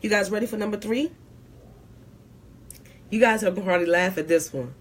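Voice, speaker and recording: A woman's voice: medium pitch, a little fast. Emphatic woman tax preparer lecturing viewers. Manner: emphatic, preachy, repeats key points. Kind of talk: live stream advice talk.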